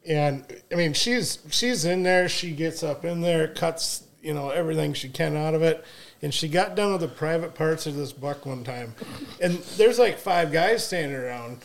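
A man with a slightly higher voice spins a folksy anecdote at an easy pace. He talks casually, as if among family. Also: normal speed. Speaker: family member guest. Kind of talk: casual storytelling chat.

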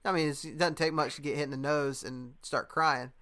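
Bright-voiced young man telling a story. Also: a little high, steady tone, a little fast. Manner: laid-back storytelling with fillers and laughter. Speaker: podcast host. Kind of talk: casual chat.

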